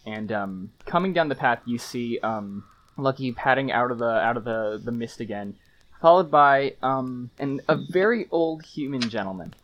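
A man's voice: medium pitch, lively intonation, normal speed, dull audio, slight background noise. A man narrating as game master, searching for words with frequent fillers and restarts.

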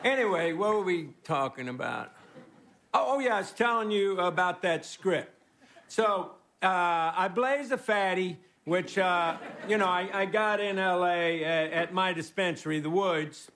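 A man from Texas giving a rambling, deadpan, self-mocking stand-up monologue as guest host on a stage before a live audience. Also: sits high, a little slow, a little hiss or hum. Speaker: comedy show guest host. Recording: roaring studio audience laughter.

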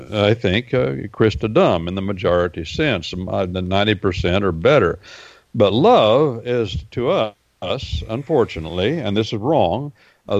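A low-pitched man holds forth on a talk radio show, circling back to his points and filling gaps with "uh". His voice comes through dull and lo-fi, with a dry sound and no room echo. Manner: explanatory and repetitive, with many fillers. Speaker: regular Bible-history guest.

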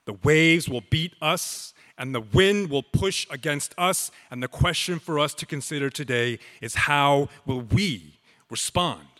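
Slow, bright-voiced man preaching in a hall. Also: fairly high pitch. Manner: slow, emphatic preaching with dramatic pauses. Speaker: pastor. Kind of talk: sermon.

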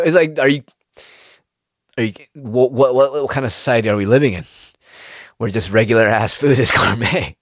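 A man, rambling in a casual, profane monologue with sudden jumps in pitch. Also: moderate pace, long pauses, no echo, studio quality.

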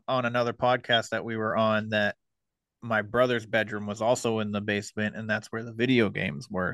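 Low, smooth-voiced male podcast host. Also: no room sound. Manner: relaxed, hesitant, many ums and uhs. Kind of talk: casual conversation.

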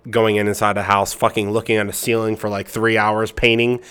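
A man's voice: on the low side, flat delivery, a little fast, a bit bright, clean tone. A man in his twenties co-hosting a podcast, rambling crudely and laughing a lot, tired and sniffly. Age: 20s. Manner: profane, rambling, laughs often. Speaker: podcast co-host. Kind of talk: crude casual podcast banter.

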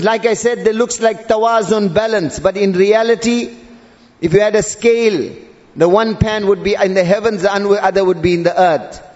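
A male preacher delivering a sermon, drawling and repeating Arabic terms with rising emphasis. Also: sits high. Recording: dull audio in a long-reverb hall.

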